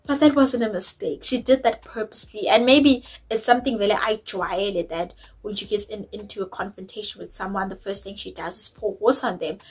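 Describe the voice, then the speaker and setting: A woman's voice: mid-range voice, a little fast, breathy edge, low-quality recording. A woman, chatting opinionatedly as she recaps a reality show episode, dropping in isiZulu words. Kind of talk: casual recap chat.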